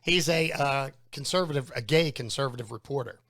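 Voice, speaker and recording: Gravelly laid-back man. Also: medium pitch, fairly quick, fairly bright tone, dry recording, clean studio sound. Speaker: talk show co-host. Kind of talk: casual comedic chat.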